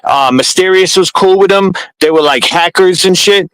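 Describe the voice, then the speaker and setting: A man's voice: high voice, moderate pace, fairly bright tone, smooth, no echo, poor audio. A man telling a long, profane story in casual talk on a live stream panel. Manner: rambling, heated, profane.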